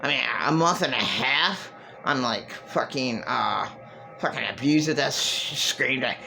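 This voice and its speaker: A woman's voice: deep voice, animated, takes it slowly, sharp tone, soft background music, low-quality recording. A middle-aged woman giving an emotional monologue to camera, agitated and profane, repeating herself and restarting her sentences. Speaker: vlogger.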